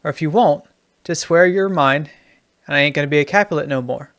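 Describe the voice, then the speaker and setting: A man's voice: on the high side, a little fast, fairly bright tone, dry recording, clean studio sound. Juliet as a drawling Southern girl put on by a man. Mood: folksy.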